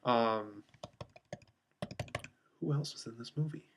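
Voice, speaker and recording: Man, mid-pitched, casual movie review delivered off the cuff, rambling with frequent ums. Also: slow. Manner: rambling, many filler ums and restarts.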